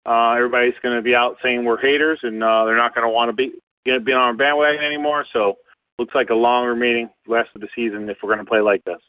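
A man's voice: mid-range voice, fairly even intonation, fast talker, no echo. A resigned male caller speaks in a casual way. He sounds far off on a tinny, dry phone line. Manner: resigned, casual, uses uh fillers. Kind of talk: fan call-in commentary.

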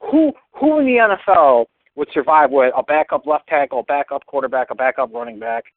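A man's voice: medium pitch, lively intonation, a little fast, no echo. A man leaving a rambling fan voicemail, griping with lots of fillers about his team. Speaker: fan caller. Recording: tinny phone line.

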